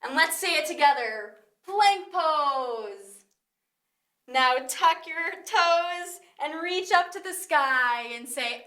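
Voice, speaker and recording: Leading a yoga class for toddlers, a kids yoga instructor speaks slowly in a high, bright, animated voice with a cheerful sing-song quality. The room is echoey, so her voice rings out.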